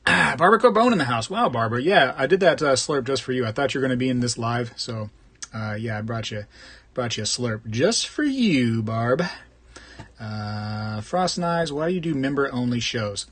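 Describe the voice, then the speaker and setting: A man hosts a live stream in a loose, chatty way, reading out viewer comments and joking with them by name. His voice sits at an ordinary middle pitch. He rambles and drifts easily from one topic to the next. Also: lively intonation, moderate pace, fairly bright tone, slightly rough. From Florida. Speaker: host of a live coin collecting stream.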